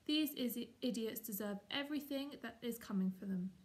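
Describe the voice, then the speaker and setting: A woman's voice: fairly high pitch, moderate pace, natural voice. Woman reading as fierce streetwise she-cat Holly.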